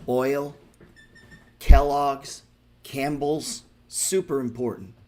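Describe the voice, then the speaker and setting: Man, husky, middle pitch, excitable live market commentary, blunt and profane. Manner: excitable, profane, talks to viewers directly. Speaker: stock trading show host.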